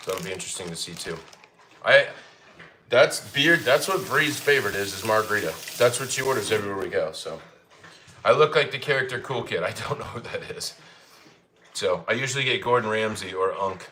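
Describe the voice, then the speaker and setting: A man's voice: lowish voice, expressive, fairly quick, bright, forceful tone, a little hiss or hum. Easygoing man chatting on a cooking stream. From Colorado, United States. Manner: chatty, reads chat comments aloud, easygoing. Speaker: livestream cooking host. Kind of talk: casual livestream chat while cooking.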